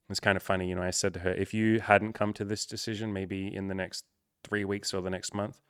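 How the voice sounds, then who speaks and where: A man's voice: low voice, dry recording, clean studio sound. A young man hosting a podcast, talking candidly and near tears in a personal monologue, swearing freely. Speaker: podcast host.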